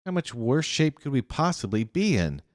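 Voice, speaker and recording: A man's voice: medium pitch, very animated, moderate pace, dry recording, clean studio sound, long reverb tail, voice pushed up, natural voice. A man voicing a cranky, sulking little girl who snaps and sneers in a storybook reading. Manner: snappish, sneering.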